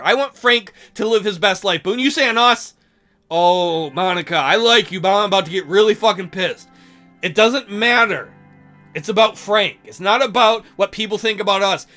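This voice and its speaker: A man's voice: high voice, sharp tone. A man hosting a let's play, reading game text aloud and reacting with sarcastic, profane commentary.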